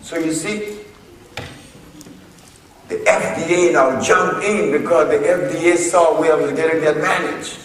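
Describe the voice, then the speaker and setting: A man giving a public lecture, speaking deliberately and posing rhetorical questions to his audience. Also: a little high, lively intonation. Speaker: lecturer addressing a group. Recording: echoey hall, voice from far off.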